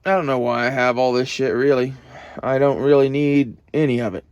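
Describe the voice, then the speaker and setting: A man's voice: mid-range voice, brisk, darkish tone, smooth, no echo, dull audio. A young man, talking to the camera in a loose, profane, meandering monologue that turns emotional at times. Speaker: vlogger. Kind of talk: casual rambling monologue.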